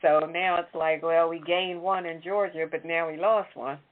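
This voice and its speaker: A woman's voice: on the low side, fairly even intonation, normal speed. Woman host on a tinny phone line. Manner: conversational, self-correcting. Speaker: talk show host. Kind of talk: casual political chat.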